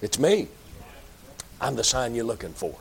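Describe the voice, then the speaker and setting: A man's voice: medium pitch, very animated, moderate pace, vocal fry, slightly rough. A man preaching an evangelistic sermon, fervent and emphatic, pleading with his listeners.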